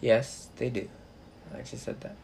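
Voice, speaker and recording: A man's voice: medium pitch, fairly even intonation, measured pace, gravelly, a crowd in the background. A young man talking over his own online match, ranting and swearing at his teammates in frustration. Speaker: gamer. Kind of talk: live gameplay commentary.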